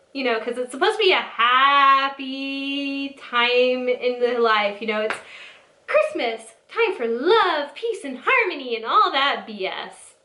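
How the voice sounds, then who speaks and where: A woman's voice: sits high, bright, forceful tone. A young woman in her twenties telling a casual storytime, rambling and mocking. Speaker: storytelling vlogger. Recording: echoey room.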